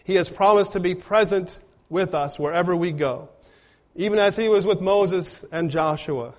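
A man's voice: high-pitched, normal speed. A man preaching a sermon in an earnest way, often putting rhetorical questions to his congregation. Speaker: pastor.

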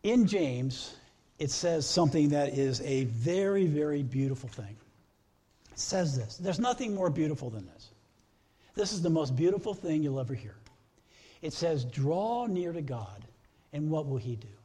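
A man's voice: on the high side, lively intonation, moderate pace, warm tone, slightly rough. A middle-aged man preaching a sermon as pastor, earnest, stacking repeated phrases into lists.

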